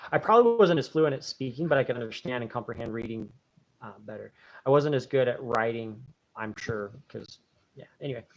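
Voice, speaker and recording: A man hosting a casual live stream, warmly thanking viewers and rambling with many fillers and restarts. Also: medium pitch. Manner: warm and grateful toward viewers. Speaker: channel host reading viewer donations.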